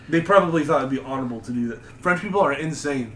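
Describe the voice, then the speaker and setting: A man telling rambling, animated stories on a casual podcast. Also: medium pitch, quick pace. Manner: rambling, animated storytelling with mocking put-on voices. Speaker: podcast host. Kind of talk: casual chat. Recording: echoey room with faint noise.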